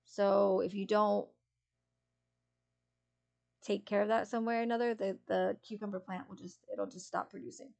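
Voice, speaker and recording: A woman streamer chats with her live viewers in a gravelly, mellow voice. She rambles and giggles, trailing off and restarting her sentences. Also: medium pitch, fairly even intonation, moderate pace, pauses often. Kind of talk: casual chat with live chat.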